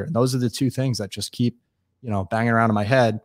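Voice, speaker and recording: A man from New York State, a guest in a casual interview, telling stories quickly and acting out what people said. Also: medium pitch, no room sound, clean studio sound. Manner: fast, animated storyteller acting out dialogue.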